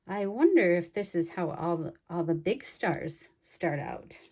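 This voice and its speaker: A woman's voice: on the low side, expressive, unhurried, a little mellow, slight background noise. A woman voicing a pompous, bossy male lion king who talks in a grand, commanding way. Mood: wondering.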